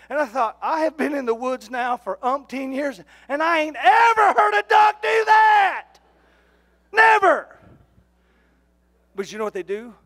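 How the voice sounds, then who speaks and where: A high-pitched man preaches in a church. He tells his stories in an animated, jokey way and raises his voice to a shout at the punchlines. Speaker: pastor. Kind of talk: storytelling sermon.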